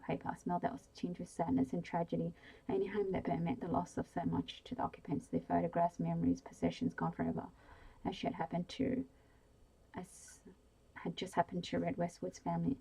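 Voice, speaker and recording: Lady reading a bedtime story in whispered role-play, soft and husky, flat and mellow. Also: lowish voice, low-quality recording. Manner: slow, soothing reading with small slips.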